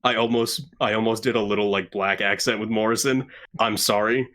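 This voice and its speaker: Joking, animated man co-hosting a chat. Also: on the low side, a little fast. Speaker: podcast co-host. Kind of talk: casual chat.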